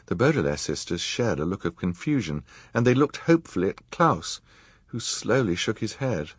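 A male audiobook narrator with a low, husky voice and very lively pitch. He reads in an expressive, measured way. The sound is dry and close. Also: dry recording. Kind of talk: scripted narration.

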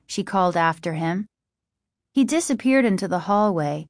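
A woman reading a chapter book aloud as an audiobook narrator, with steady, even storytelling. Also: medium pitch, moderate pace, dry recording, studio quality. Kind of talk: scripted narration.

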